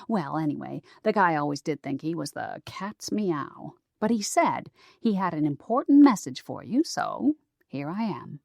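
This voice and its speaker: A playful old grandmother ghost who loves to draw out the big moment, read by a woman. The voice sits a little low and moves slowly, recorded close and dry with no room sound. It is a storybook character voice, chatty and teasing. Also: very animated, gravelly, darkish tone, no echo, exaggerated voice. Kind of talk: audiobook character voice.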